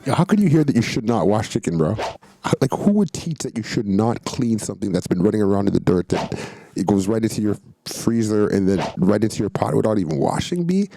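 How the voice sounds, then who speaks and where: Brief: male reaction host, low warm voice, slangy chatty commentary. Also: lively intonation, brisk, gravelly, rough recording. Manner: slangy, chatty, rhetorical questions.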